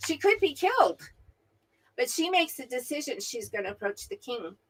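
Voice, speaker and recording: A middle-aged woman, mother of her co-host, retelling a Bible story as an animated storyteller who keeps asking "right?". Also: high-pitched, normal speed, low-quality recording. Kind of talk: casual Bible discussion. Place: at home, remote from her co-host.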